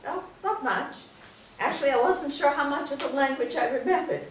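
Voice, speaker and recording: A woman playing a calm, affectionate older woman who guides a younger one, gently and fondly, in a screenplay read-through. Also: sits high, moderate pace, slight background noise, close to an everyday voice. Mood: warm. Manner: gentle, fond. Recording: echoey room from far off.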